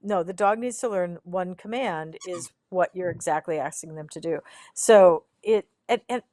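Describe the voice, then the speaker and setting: A woman's voice: lowish voice, dark tone, no echo. Explanatory woman co-host, dry sound. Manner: practical, explanatory, quick to laugh. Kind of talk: casual podcast chat.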